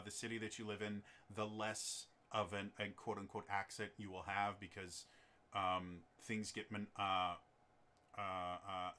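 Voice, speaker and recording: A rambling man hosts his homebrew game on a stream. His voice sits fairly low yet sounds bright and forceful. He chats casually, full of ums and restarts. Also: a little hiss or hum.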